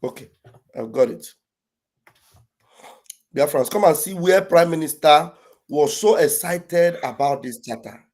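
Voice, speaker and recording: A man gives animated, mocking commentary over video clips, repeating phrases and breaking into shouts. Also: on the high side, a little slow, long pauses. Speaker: online commentator.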